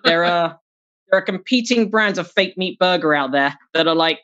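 A stand-up comedian doing a set from home over a video call, lively and quick to mock, dropping into sneering put-on voices. The audio is dull and lo-fi, with a mid-height voice. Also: medium pitch. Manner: animated, slips into mocking put-on voices; laughs at own jokes.

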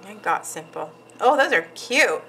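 Woman, nail artist, casual tutorial chat, crisp bright tone. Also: medium pitch, sing-song, measured pace, low-quality recording. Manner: chatty, with frequent ums and trailing asides. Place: nail salon.

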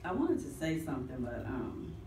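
A woman's voice: very deep voice, big pitch swings, moderate pace. A woman sharing fond, rambling neighborhood memories of the deceased at a funeral service. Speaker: neighbor and friend giving a funeral remembrance. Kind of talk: personal remembrance at a funeral. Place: large room at a funeral service. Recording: echoey room, voice heard from a distance, clear background noise.

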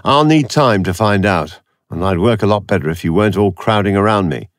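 A man's voice: fairly low pitch, expressive, brisk, dry recording, voice pushed up, natural voice. A man voicing a cold, sardonic computer expert with a dry, cutting, detached manner.

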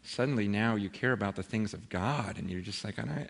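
A man giving a sermon, telling stories in an animated way, acting out quoted voices, with many fillers and restarts, heard in a large hall. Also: lowish voice, brisk. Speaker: pastor. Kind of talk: sermon with storytelling. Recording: hall with long reverb.

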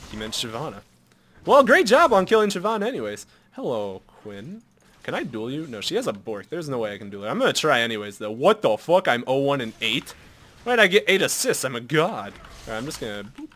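A young man giving live commentary over his own game at a computer, swinging from muttered asides to loud shouts at big plays and swearing casually. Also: medium pitch, very animated, brisk. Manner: swears and jokes casually, mutters to himself while shopping. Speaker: gameplay commentator.

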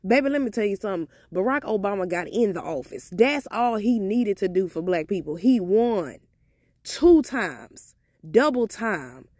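A woman's voice: mid-range voice, expressive, moderate pace, a little mellow, dry recording, studio quality. A woman with talking straight to her viewers in a casual vlog, sassy and heated as she gives her opinions. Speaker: motivational vlogger.

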